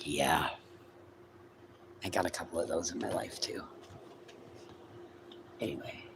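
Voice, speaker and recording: A man's voice: low-pitched, unhurried, background noise. A man hosting a casual livestream, chatting with viewers in a rambling, chatty way and swearing freely. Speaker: livestream host.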